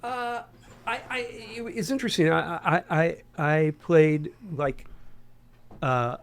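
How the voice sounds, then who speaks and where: Slow-paced and on the high side, this man's voice belongs to a sixty-something interview guest from Huntington, West Virginia. His faint Appalachian accent comes through as he rambles conversationally, often restarting phrases and filling gaps with fillers.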